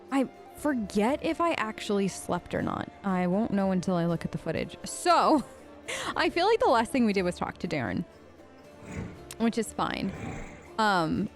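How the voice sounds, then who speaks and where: A woman hosting a let's play, casually thinking aloud and chatting as she plays. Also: medium pitch. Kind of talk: casual gameplay commentary.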